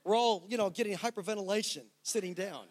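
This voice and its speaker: A middle-aged man preaches from the pulpit in a light, high voice. He tells a personal story in an animated, conversational way, stumbling over restarts as he goes. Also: quick pace. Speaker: pastor. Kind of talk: sermon.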